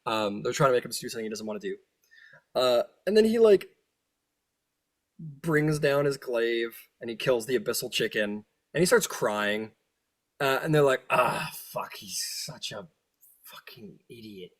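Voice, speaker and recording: A man narrating as game master, animated and laughing, often jumping into silly voices. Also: mid-range voice, moderate pace, pauses often.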